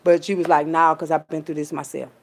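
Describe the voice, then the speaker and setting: A woman, telling a story in a casual rant full of profanity and swinging between loud, high bursts and low, quiet asides. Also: fast talker. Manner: animated, profane, streetwise storytelling with big pitch jumps when quoting people. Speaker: vlogger.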